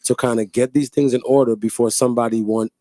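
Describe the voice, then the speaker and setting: A man from the Bahamas, a guest on a talk show, explaining his artist management business in a measured, businesslike way. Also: medium pitch, steady tone, warm tone, dry recording. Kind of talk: interview answers.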